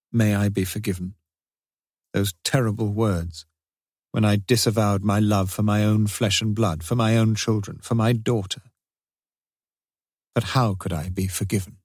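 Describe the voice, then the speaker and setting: A man's voice: on the low side, darkish tone, no room sound, studio quality. A man reading as an anguished grieving father. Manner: solemn, despairing, theatrical reading. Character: anguished, grieving father writing a confessional diary.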